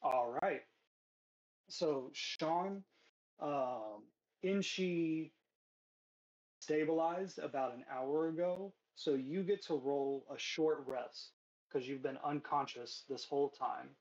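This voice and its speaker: A man's voice: fairly high pitch, slow, a little mellow, muffled recording. A man running a tabletop game as game master, casual and loose with many fillers.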